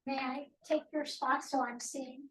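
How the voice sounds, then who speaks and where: A woman's voice: high-pitched, fairly even intonation, measured pace, a bit bright. A woman speaking as a guest at a team meeting, explaining her nonprofit's work in a plain way with small asides, recorded in an office meeting room by a distant microphone. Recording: echoey room, voice from far off.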